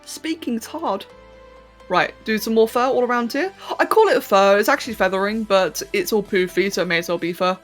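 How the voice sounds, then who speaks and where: Brisk and mid-range in pitch, a woman from London, England, with an English accent streams live as a 3D artist, chatting casually while she works on a 3D model. She laughs a lot and trips over her words, with faint music in the background.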